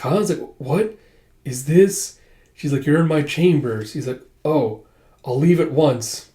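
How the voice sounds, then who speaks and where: Male manga reviewer, casual plot recap, mellow voice, roomy echo. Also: mid-range voice. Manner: retells the plot with many "he's like" quotes, voicing lines loosely.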